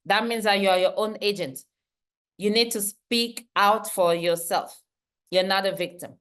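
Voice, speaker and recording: A woman's voice: mid-range voice, measured pace, a bit bright. A woman leading a leadership workshop, talking emphatically, repeating her key points and laughing easily. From Central Africa. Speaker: workshop trainer. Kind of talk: online leadership training talk.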